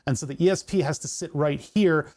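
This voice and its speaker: A man's voice: a little high, a little fast, a little mellow. A man streaming while he builds electronics, thinking aloud in a rambling, jokey way as he works through each technical step. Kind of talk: casual live-stream chat while working.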